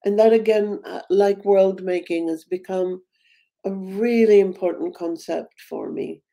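A woman giving an academic talk on a video call, thoughtful and halting, with frequent ums and restarts. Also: mid-range voice, expressive, gravelly, warm tone. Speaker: panel speaker.

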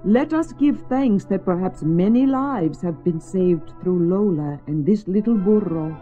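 A woman's voice: medium pitch, expressive, unhurried, close to an everyday voice. A woman voicing a kindly old village priest, solemn and reverent, in a slightly muffled lo-fi storybook recording. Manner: solemn, scolding then reverent. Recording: slightly muffled lo-fi with faint music.

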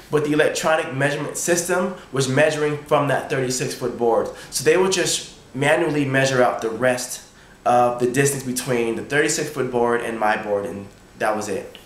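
A young man excitedly retelling a sports story in a casual vlog, acting out his own thoughts. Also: medium pitch, echoey room. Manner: excited, animated retelling with quoted inner thoughts. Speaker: college triple jumper.

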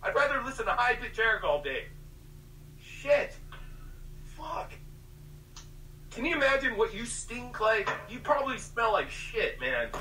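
A man's voice: extremely high pitch, sing-song, unhurried, pauses often, bright, forceful tone, a little hiss or hum. A man in a hostile, swearing argument on an on-air call. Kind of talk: heated insult exchange. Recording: echoey, distant call audio.

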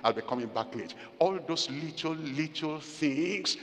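A man's voice: on the high side, animated, a little slow, slight background noise. An older man preaching a sermon, asking his listeners questions and acting out what spouses say to each other. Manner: preaching with rhetorical questions to the congregation; acts out spouses' remarks in little quoted scenes. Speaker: pastor. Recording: long echo of a large hall.

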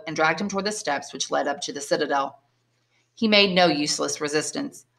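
A woman, an English teacher, reading a classic novel aloud in clear, measured narration. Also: deep voice, bright, forceful tone. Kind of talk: audiobook reading.

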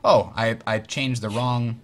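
A man's voice: medium pitch, steady tone, unhurried. Chatty man explaining a wargame. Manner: explanatory, chatty, mutters while fiddling with software. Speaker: host teaching a board game. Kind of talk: casual tutorial over online play.

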